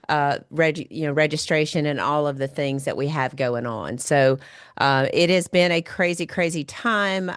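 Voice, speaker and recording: Nasal low-voiced woman host. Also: no echo, studio quality. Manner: rambling, many fillers. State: nasal, recovering from a cold. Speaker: podcast host. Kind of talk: casual podcast monologue.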